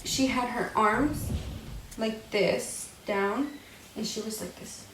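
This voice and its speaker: A young woman, casually telling a personal story to camera in an animated, slangy way. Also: a little high, slow, roomy sound, poor audio. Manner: animated, swears freely, slangy. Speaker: vlogger.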